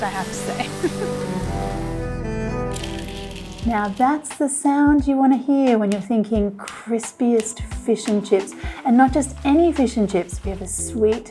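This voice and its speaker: A chatty, enthusiastic Australian woman walks through a recipe as a cooking host. Her voice sits a little high, with faint music playing behind her. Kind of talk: cooking demonstration.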